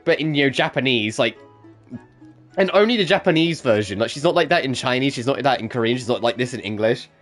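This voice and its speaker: A man's voice: mid-range voice, expressive, fast talker, a bit bright. A man streaming a video game with casual commentary, chatty, laughing and swearing freely. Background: game music.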